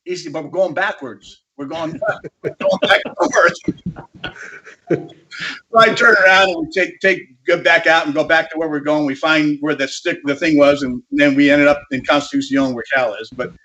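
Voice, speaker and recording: A man's voice: fairly high pitch, steady tone, fairly quick, hardly any pauses, pushed and bright. Rambling, salty-tongued storyteller man. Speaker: panel guest. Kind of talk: casual storytelling. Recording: dull lo-fi audio.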